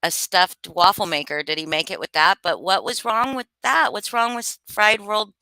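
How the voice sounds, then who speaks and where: A woman's voice: medium pitch, moderate pace, sharp tone, no room sound. A woman hosting a casual live stream, reading chat aloud and chatting loosely with some swearing. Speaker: streamer host.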